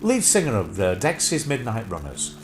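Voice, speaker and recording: A man's voice: lowish voice, huge pitch swings, moderate pace, music in the background. A man hosting a casual chat show livestream from his home couch, rambling and breaking into song. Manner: chatty, rambling, bursts into song. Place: home living room on a couch.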